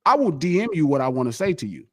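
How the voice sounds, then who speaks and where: A man's voice: fairly high pitch, big pitch swings, quick pace, no echo. Podcast guest, a man with a raised voice, bragging and stressing his points in a dead-dry room. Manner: boastful, emphatic repetition. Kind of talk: casual chat.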